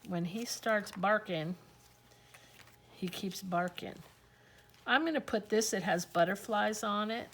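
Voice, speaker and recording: A woman hosts a casual crafting tutorial at her craft table, talking through each step as she works. She speaks slowly and unhurriedly in an easygoing, chatty way, thinking aloud. A faint background noise sits under her voice. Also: mid-range voice, fairly bright tone.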